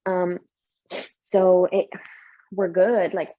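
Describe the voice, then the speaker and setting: A young woman telling her story as a mother in an interview, emotional and lively, laughing often as she talks. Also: lowish voice, drawn-out words, narrow, tinny audio. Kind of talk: candid personal story.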